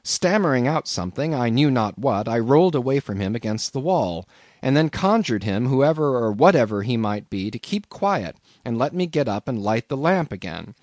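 A man reading a classic novel aloud as an audiobook narrator, in an expressive storytelling manner. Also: mid-range voice, normal speed, dry recording, studio quality.

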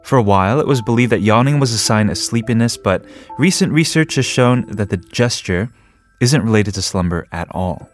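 A man's voice: fairly low pitch, lively intonation, moderate pace, soft background music. A man hosting a radio show, reading a script and then chatting with jokes and small laughs. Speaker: radio host. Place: radio studio. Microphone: studio microphone.

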